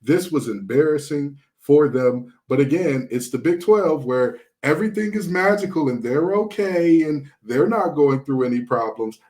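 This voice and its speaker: Sarcastic animated man hosting sports talk. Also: on the high side, normal speed, hardly any pauses. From Detroit. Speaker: sports podcast host.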